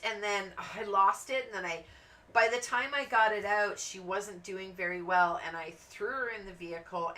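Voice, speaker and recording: A woman hosting a craft channel, chatting and telling rambling stories while she colors, acting out the voices of the people in them. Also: mid-range voice. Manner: rambling, animated anecdotes with acted-out quotes. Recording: voice a bit distant from the mic, faint background noise.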